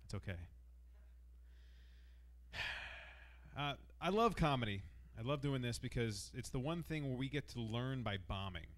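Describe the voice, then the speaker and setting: A man doing stand-up at an open mic, dry and self-mocking as he works through his jokes. His voice sits at an ordinary middle pitch. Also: expressive, unhurried, pauses often. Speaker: stand-up comic. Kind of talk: stand-up set.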